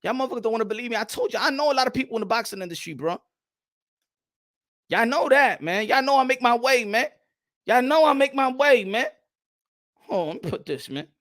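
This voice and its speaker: A man chatting casually as a boxing commentator, profane and laughing, with low, quieter asides. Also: animated, fairly quick, pauses often. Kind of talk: casual comedic chat.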